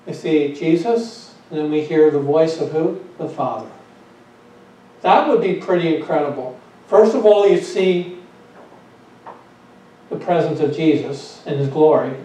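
A man's voice: fairly high pitch, distant mic. Male pastor preaching in an echoey room. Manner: rhetorical questions, repeats phrases, trails off softly. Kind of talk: sermon.

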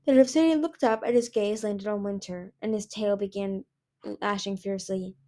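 A woman's voice: medium pitch, steady tone, normal speed, warm tone. Woman reading a novel aloud. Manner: hesitant, with frequent restarts. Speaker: audiobook reader.

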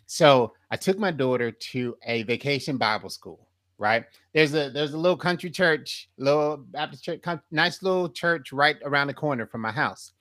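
A man hosting a podcast in a casual, reflective way, pausing often to gather his thoughts. His voice sits a little high for a man and sounds dry and close, with no room echo. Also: lively intonation, a bit bright. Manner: thoughtful, hesitant with frequent ums. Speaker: podcast host. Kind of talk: casual conversational podcast talk.

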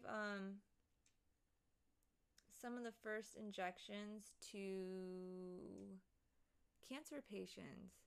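Woman, casual streamer chat, rambling, swears a lot, slow, gravelly. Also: mid-range voice. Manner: rambling, profane, easily sidetracked.

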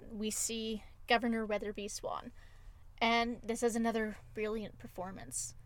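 A woman's voice: a little high, level tone, unhurried. A woman co-hosting a podcast, retelling film scenes with emotive enthusiasm in casual chat. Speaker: podcast co-host.

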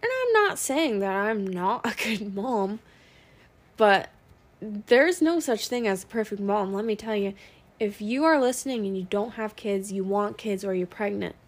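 Slow-talking blunt young mom. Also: female voice, medium pitch, lively intonation. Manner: blunt, profane, venting. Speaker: working mom podcaster. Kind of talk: casual monologue.

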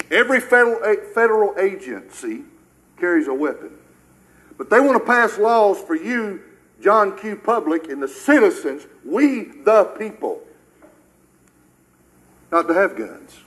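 A man's voice: sits high, a bit bright, low-quality recording. An older American man preaching a sermon with emphatic rhetorical questions, his delivery surging and dropping.

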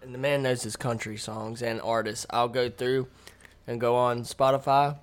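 A man chatting casually as a podcast co-host, chiming in with quick remarks and agreement. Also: medium pitch, little pitch movement. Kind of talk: casual chat.

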